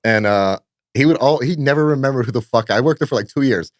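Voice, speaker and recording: As a podcast guest, a Fresno-born nightclub promoter rattles off long, profane, rambling anecdotes, often saying "blah, blah, blah." His medium-pitched voice is fast, recorded at studio quality with no echo.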